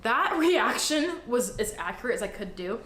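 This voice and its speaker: Young woman ranting a story, a bit high, echoey room with faint hiss. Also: very animated, normal speed, fairly bright tone. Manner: chatty, dramatic, swears freely. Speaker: storyteller in a clip. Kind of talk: casual storytelling.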